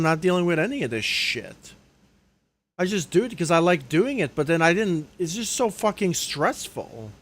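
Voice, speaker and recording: A young man rants angrily into his desk mic during a livestream. He swears constantly and keeps ending his sentences on a low, muttered "dude". His voice sits high and jumps wildly between peaks and dips. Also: fairly bright tone. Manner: angry, profane ranting, trailing off low on "dude". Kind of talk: live stream rant. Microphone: desk microphone.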